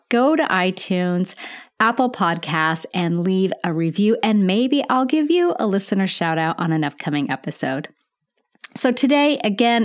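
A middle-aged woman, a nurse, hosting a teaching podcast in a slow, calm and friendly way. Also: mid-range voice. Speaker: nurse educator and podcast host.

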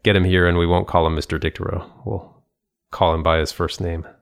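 A man's voice: low voice, level tone, a little fast, creaky. A man co-hosting a casual conversation, telling stories in a thoughtful, rambling way with frequent restarts and laughs. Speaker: podcast co-host.

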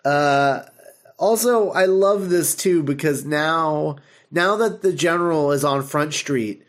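A man hosting a podcast, retelling an episode in casual chat, animated and full of fillers and laughter. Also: fairly high pitch, slow pace. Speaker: podcast host.

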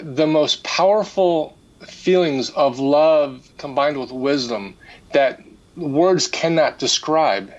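Guy with a higher voice telling his story all earnest, kinda dull lo-fi sound. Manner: earnest, animated retelling with restarts. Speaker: energy healer guest. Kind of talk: casual storytelling.

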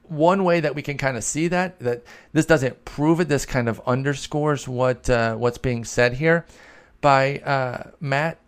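A man's voice: medium pitch, unhurried, smooth. A man hosting a podcast, answering listener questions in a chatty, analytical way and thinking aloud with fillers. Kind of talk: casual chat.

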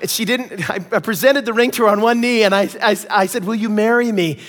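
A male pastor telling a personal story in a sermon, animated and acting out the people in it. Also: high-pitched, brisk. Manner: animated storytelling, acts out quoted voices. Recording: reverberant church hall.

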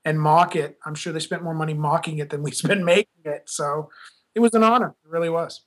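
A film director being interviewed, talking casually and laughing at himself, with lots of restarts. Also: male voice, on the high side, steady tone, a little fast, a bit bright. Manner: chatty, self-deprecating, many restarts.

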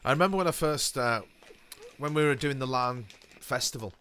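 A man's voice: medium pitch, brisk, sharp tone, slight background noise. A man in casual chat, rambling nostalgically and swearing now and then.

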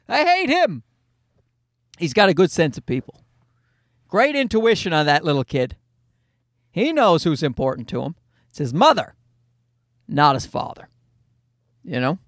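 A man hosting a solo comedy podcast, telling stories in an animated, swearing, voice-acting way. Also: on the high side, gravelly, no echo, studio quality. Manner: animated storyteller, swears freely, acts out voices. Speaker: podcast host. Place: Toronto.

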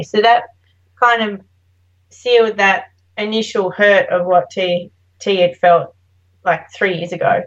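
A woman's voice: medium pitch, fairly even intonation, moderate pace, lo-fi sound. An Australian woman telling a story in a casual podcast chat, acting out the voices of the people she quotes. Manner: chatty, anecdotal, acts out quoted voices. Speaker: guest, branding designer.

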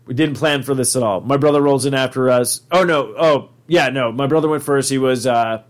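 A man's voice: mid-range voice, fairly quick. A man with a mid-range voice tells a comic story on a podcast. He rambles, piles on fillers and swears freely, keeping it casual and conversational. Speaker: podcast host.

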